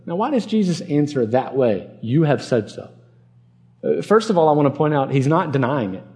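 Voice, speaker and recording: Mellow earnest preacher man. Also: a little high, big pitch swings, normal speed. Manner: earnest, emphatic, repeats words for stress. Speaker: pastor. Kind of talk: expository sermon.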